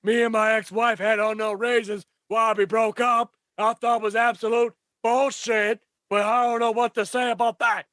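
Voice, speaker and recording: Brief: guy doing a raspy Southern wrestler bit with a Southern drawl, dry close sound, loud and gruff. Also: very high-pitched, level tone, moderate pace, hardly any pauses, dry recording, voice pushed up. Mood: blustering. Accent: American Southern (put on). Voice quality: smoker's rasp. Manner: gruff, barks "What?" over and over. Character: brash Southern tough-guy wrestler, male, adult. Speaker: podcast guest. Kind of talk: comic impression.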